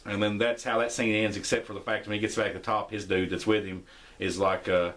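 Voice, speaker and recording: A young man hosting a podcast, casually recapping an episode and acting out the characters' lines with shifting pitch. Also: level tone, fast, fairly bright tone. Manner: rambling, acts out quotes with shifting pitch. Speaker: podcast host.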